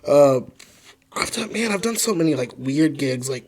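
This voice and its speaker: A man's voice: a little high, lively intonation, moderate pace, darkish tone. A man, a comedian guest, chatting casually on a podcast and rambling with lots of filler words.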